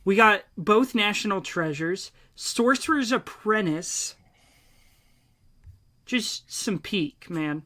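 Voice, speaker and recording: A man's voice: high voice, lively intonation, takes it slowly, sharp tone. A young man, co-hosting a podcast in blunt, profane, enthusiastic casual chat. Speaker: podcast co-host.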